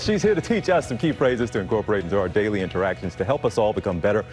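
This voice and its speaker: A man's voice: lowish voice, lively intonation, racing, a little mellow, soft background music. A man hosting a morning TV interview in a studio, upbeat and chatty as he reads intros and quizzes his guest. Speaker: TV morning show host.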